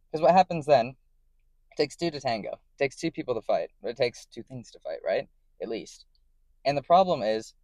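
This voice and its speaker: A man's voice: medium pitch, darkish tone, no echo. Rambling man talking to camera. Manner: rambling and self-correcting, often checking in with "right?". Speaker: vlogger. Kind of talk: casual explanatory monologue.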